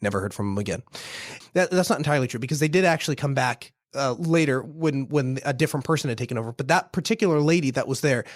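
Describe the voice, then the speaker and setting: A man in his thirties hosting a casual chat, telling business anecdotes with quick laughs and frequent restarts. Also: mid-range voice, no room sound, clean studio sound. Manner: fast, animated anecdotes with self-laughs and restarts. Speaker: podcast host, business owner.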